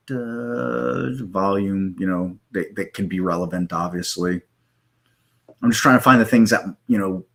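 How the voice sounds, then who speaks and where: A man hosting a live trading stream, walking through software in a loose, rambling way with many fillers and self-corrections, and hiccups now and then. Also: deep voice. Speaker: live trading room host.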